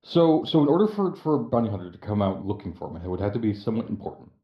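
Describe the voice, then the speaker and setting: A man with a low voice talks through his character's backstory in a hesitant, halting way. His audio comes through roomy and dull. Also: very animated. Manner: hesitant, full of fillers. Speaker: player. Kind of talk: casual chat.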